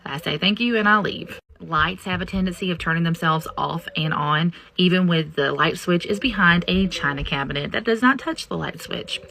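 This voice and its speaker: A woman with a drawl shares a ghost story in a folksy, confiding manner. Her voice is bright and edged with a gravelly fry, and her pitch sits a little low for a woman. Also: slight background noise. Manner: folksy, confiding, animated when quoting others. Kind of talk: casual personal storytelling to camera.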